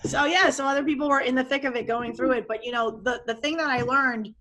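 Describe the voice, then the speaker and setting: A woman life coach talking casually in an interview, animated and expressive, often acting out what she and others said. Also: high voice, fast. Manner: animated and expressive, acts out quoted voices.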